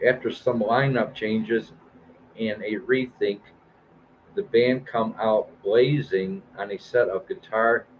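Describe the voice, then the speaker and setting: This is a man in his fifties running through new album releases on a live stream, pausing often on "uh" and "um". His voice sits low and moves slowly. The recording sounds a little dull, with faint hiss underneath. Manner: reads album blurbs aloud with fillers and restarts. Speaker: host of a live stream music show.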